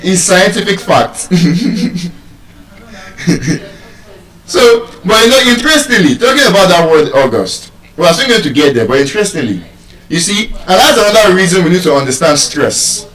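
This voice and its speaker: A man's voice: high-pitched, big pitch swings, moderate pace, a bit bright, echoey room, far from the mic, low-quality recording. A Nigerian man teaching English word stress to a live audience, teasing them and asking questions.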